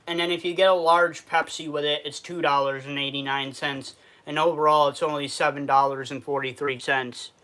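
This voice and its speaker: His voice runs on the high side, sharp and steady, at a normal speed. The Western New York host, New York accent and all, works through viewer comments aloud on his casual food review livestream, a quiet sadness underneath.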